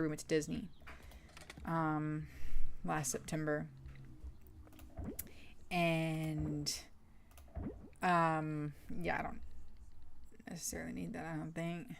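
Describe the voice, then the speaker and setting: A woman's voice: sits low, vocal fry, slight background noise. A young woman from the States, chatting casually and rambling through stories while she plays a game as a streamer. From southern United States. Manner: chatty, rambling storyteller with frequent fillers. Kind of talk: casual chat while gaming.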